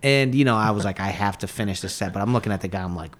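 A man's voice: fairly low pitch, rapid-fire. A man, a touring stand-up comedian, telling stories in casual podcast chat and acting out the quotes. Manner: animated storyteller, acts out quotes.

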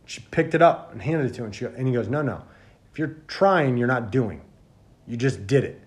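A man's voice: mid-range voice, lively intonation, brisk. Blunt, swearing man in casual talk. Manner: blunt, profane, emphatic. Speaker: podcast host. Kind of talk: casual chat.

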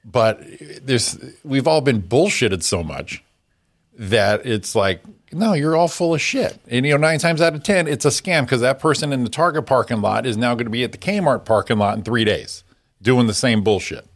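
A man hosting a morning radio show, chatting in a relaxed, blunt way and steering the talk to the next segment. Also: mid-range voice, moderate pace. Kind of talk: casual radio chat.

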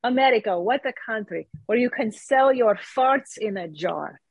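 A woman's voice: on the high side, animated, moderate pace, husky, no room sound, rough recording. Joking sarcastic woman comedian, dry sound. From Canada. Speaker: comedian guest. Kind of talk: casual interview chat.

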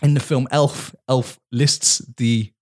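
A man co-hosting a comedy podcast, cursing freely and bantering quickly with his friend. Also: medium pitch, fairly even intonation, a little mellow. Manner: sweary, quick banter with frequent laughter. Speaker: podcast co-host. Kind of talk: casual comedic chat.

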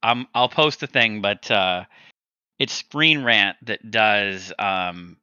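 A man hosting a casual podcast chat, excitable and swearing freely, often breaking into laughter. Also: on the low side, slow, clean tone, no echo, highs cut off. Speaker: podcast host.

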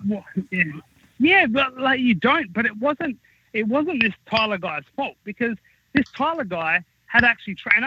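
Husky high-voiced man telling a profane story. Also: no echo, highs cut off. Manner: rambling, profane, animated anecdote-telling. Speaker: wrestling talent recounting backstage stories. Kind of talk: casual podcast storytelling.

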